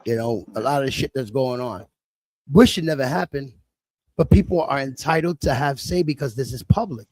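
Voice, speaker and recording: A middle-aged man, talking bluntly and profanely in a casual chat, telling animated stories. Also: medium pitch, moderate pace. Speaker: livestream host.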